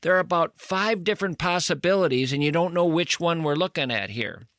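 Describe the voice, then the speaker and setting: A man's voice: animated, fairly quick, fairly bright tone, no room sound, clean studio sound. A male radio host interviewing an author, retelling the story dramatically and reading lines aloud. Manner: dramatic recaps, reads lines aloud in a low voice. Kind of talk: interview talk.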